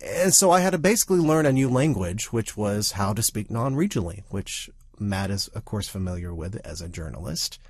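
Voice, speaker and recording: A man who grew up in the Southern United States, talking as a podcast co-host in a casual chat, animated and full of restarts. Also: lowish voice, fairly quick, hardly any pauses, slightly rough, no echo, clean studio sound.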